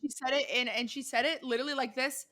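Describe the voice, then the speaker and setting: A young woman co-hosting a podcast in a casual, animated chat, often restarting her sentences and swearing. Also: sits high, quick pace. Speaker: podcast co-host.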